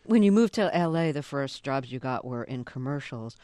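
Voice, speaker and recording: An interviewer with a mid-pitched voice, asking a guest measured, curious questions. The recording is dry and close, with no room sound. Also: expressive, dark tone, dry recording.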